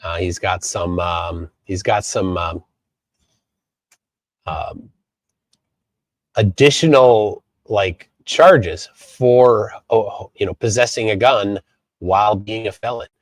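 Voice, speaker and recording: A man from Minnesota hosting a live stream, reading chat aloud and commenting in a halting way with many fillers. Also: lowish voice, dry recording. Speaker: livestream host.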